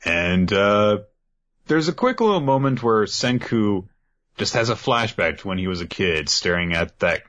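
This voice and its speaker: A man's voice: on the low side, very animated, measured pace, a bit bright. A man hosting a podcast, recapping a show in casual rambling chat and laughing often. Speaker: podcast host. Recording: dull lo-fi.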